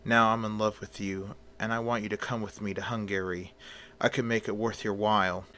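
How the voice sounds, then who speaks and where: A haughty vampire countess, cool and threatening, as a man reading a homemade story puts her on. She speaks low and quiet at the threats. It stays close to the reader's own fairly low voice. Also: little pitch movement, brisk, slight background noise. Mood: cool menace.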